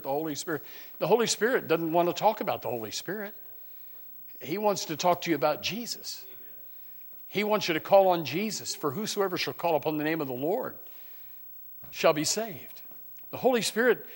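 A man preaching with a voice pitched a bit above the usual for men. He rises to loud, fervent bursts and drops to hushed intensity, stumbling over restarts. Between these passages he reads scripture in old-fashioned wording. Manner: many restarts and repeated words. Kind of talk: sermon.

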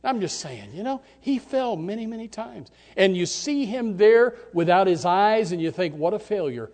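A man with a high voice delivers a sermon. He drops to near whispers and then rises to loud shouts, often repeating words as he builds. The delivery stays fervent and uneven in volume. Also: expressive, normal speed. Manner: repeats words and restarts in bursts. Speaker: preacher.

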